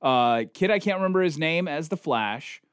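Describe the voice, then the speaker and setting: A man co-hosting a podcast, ranting in animated casual chat. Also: a little high, normal speed, smooth, no echo, clean studio sound. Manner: animated, ranting, mocks others in quoted voices. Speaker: podcast co-host.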